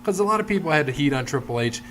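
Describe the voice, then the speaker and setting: A man's voice: a little high, animated, quick pace, a bit bright. A man co-hosting a casual podcast, telling long rambling stories and acting out the people in them. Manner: rambling storyteller, retells anecdotes with quoted voices. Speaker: podcast co-host. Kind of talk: casual chat.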